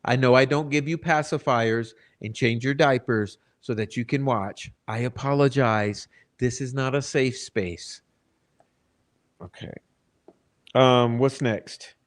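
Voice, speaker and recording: Male channel host, mid-pitched voice, swears freely, talks to his viewers in an exasperated rant. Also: takes it slowly. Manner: profane, blunt, exasperated; addresses the chat directly. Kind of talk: ranting true-crime commentary.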